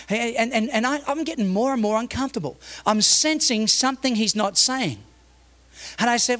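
A man's voice: very high voice, moderate pace, fairly bright tone. A man preaching a sermon as a pastor, emphatic, repeating phrases and restarting as he tells stories. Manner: tells stories, acting out the people in them.

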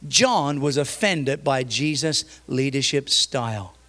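A man with an Australian accent, a pastor giving a sermon, telling funny stories that build to loud, emphatic points. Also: medium pitch, expressive, slow pace. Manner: humorous storytelling, grows loud and emphatic. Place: church.

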